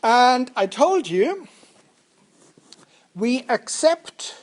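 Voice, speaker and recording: A man's voice: extremely high pitch, big pitch swings, very slow. A man lecturing students in a lecture room, jokey and interactive, often putting questions to the class. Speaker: university lecturer. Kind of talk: lecturing on statistics.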